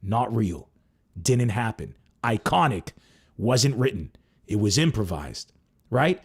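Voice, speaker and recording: A man's voice: fairly low pitch, slow, slightly rough. A man hosting a comedy podcast, talking casually and acting out the lines he quotes. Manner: animated, acts out quoted lines.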